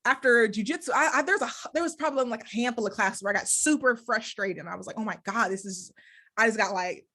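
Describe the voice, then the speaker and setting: A woman's voice: on the high side, quick pace, few pauses, sharp tone. Candid laughing woman podcast host. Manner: laughing, candid, self-deprecating storyteller. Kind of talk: casual interview chat.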